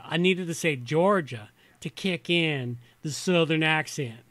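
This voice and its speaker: The host is a slightly tipsy man whose fairly high, somewhat bright voice moves a little slowly over a dry recording. On his casual livestream he reads from an old reference book, pausing between passages for rambling, muttered remarks.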